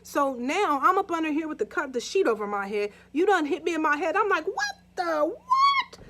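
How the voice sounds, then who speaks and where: Young woman with a high voice, chatty true crime storytime for her viewers. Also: expressive, fast, a bit bright.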